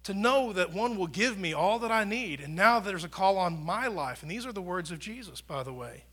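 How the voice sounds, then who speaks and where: Bright-voiced pastor preaching. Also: male voice, high-pitched, animated, moderate pace. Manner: conversational preaching, rises and drops in volume for emphasis. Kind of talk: sermon. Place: church.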